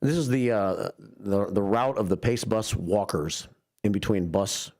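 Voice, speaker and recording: A man's voice: lowish voice, unhurried, darkish tone. A man hosting a morning radio show from a studio, chatting casually with dry, self-mocking banter. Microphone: studio microphone.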